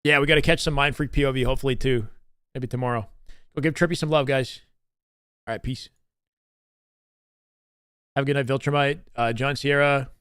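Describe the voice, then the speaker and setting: Canadian man, casual stream commentary, relaxed chatty talk with fillers, mid-pitched voice, dry close sound. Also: fairly quick, pauses often, clear, resonant tone, no echo. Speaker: streamer and esports co-caster.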